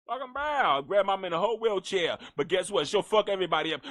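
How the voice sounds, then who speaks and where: A man hosting a comedic gossip commentary, talking in an animated, profane way and repeating lines for effect. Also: high voice. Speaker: host.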